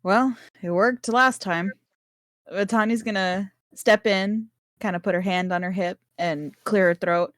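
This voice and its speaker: A woman playing a tabletop game, playful and quick to laugh. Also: medium pitch, steady tone, dry recording, studio quality. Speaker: player. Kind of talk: casual tabletop role-play.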